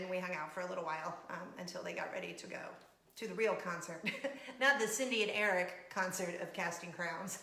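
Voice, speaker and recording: A middle-aged woman hosting a casual vlog, telling a story in an animated way and laughing as she acts out scenes. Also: mid-range voice. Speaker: vlog show host. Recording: echoey room.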